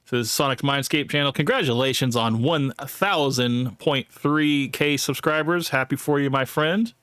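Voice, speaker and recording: A man's voice: mid-range voice, normal speed, hardly any pauses, fairly bright tone, no echo, studio quality. A man hosting a live stream in casual talk, rambling with many fillers and restarts, blunt and jokey. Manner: blunt, jokey and self-deprecating.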